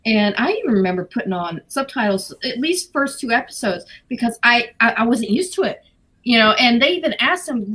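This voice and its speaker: A woman chatting on a podcast panel in a soft, somewhat hesitant way. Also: a little high, big pitch swings, fairly quick, husky. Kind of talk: casual group chat.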